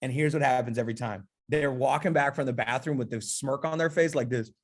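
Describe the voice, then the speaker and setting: A man with a mid-range, brisk voice runs a casual, upbeat sales training demo. He's chatty and playful, constantly checking in with listeners by asking "okay?" and "right?"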